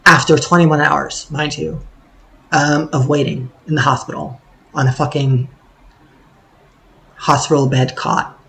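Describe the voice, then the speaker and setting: A man's voice: fairly high pitch, little pitch movement, unhurried, creaky, long pauses, bright, forceful tone, poor audio. A man talking in a casual vlog monologue, sarcastic and swearing freely, rambling with plenty of fillers. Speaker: vlogger.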